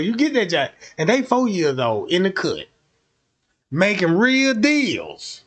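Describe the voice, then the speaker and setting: A man streaming a comedic rant, telling profane, animated stories and acting out the scenes. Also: on the high side, unhurried. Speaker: streamer commentator.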